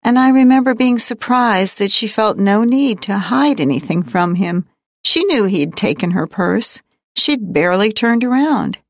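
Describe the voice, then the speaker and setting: Woman, audiobook narration, first person, measured and wry, slow, dry close sound. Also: medium pitch, expressive, dry recording.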